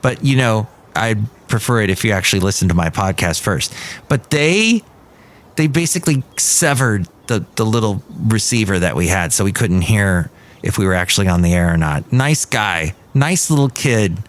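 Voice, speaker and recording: A man's voice: lowish voice, very animated, normal speed. A man hosting a solo podcast in casual chat, rambling with jokey asides. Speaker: podcast host. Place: outdoors at a cafe.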